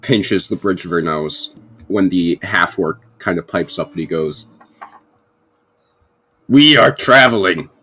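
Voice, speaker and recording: A man narrating as game master in a tabletop game, in a relaxed, hesitant manner with lots of ums. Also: low-pitched, a little slow, breathy edge. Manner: relaxed, hesitant, many fillers.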